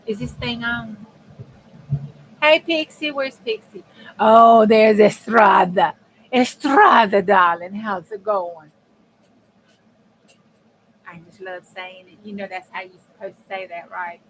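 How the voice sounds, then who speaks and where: Slow-talking woman chatting while crafting. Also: medium pitch, fairly bright tone, rough recording. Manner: chatty, laughs often, talks to viewers. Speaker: crafting livestream host. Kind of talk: casual chat while crafting. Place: home craft room with air conditioner running. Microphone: desk mic. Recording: faint room hum from fan.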